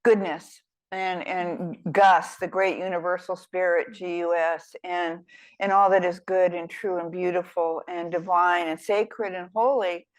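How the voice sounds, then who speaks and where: A woman's voice: on the low side, steady tone, measured pace, low-quality recording. An older woman, an author guest in a fireside chat, telling stories in a rambling, self-deprecating, humorous way.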